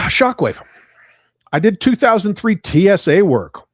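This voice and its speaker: Man, middle-aged, profane rant, slightly high voice, dead-dry recording. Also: sing-song, a little slow, slightly rough, dry recording. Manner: profane, ranting, reads chat aloud. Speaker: livestream host. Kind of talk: casual livestream chat.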